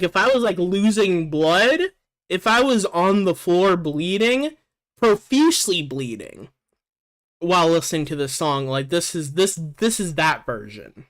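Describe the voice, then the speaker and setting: A man's voice: a little high, fairly bright tone. A man hosting a casual chat about music tracks, rambling and joking with many fillers. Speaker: podcast host.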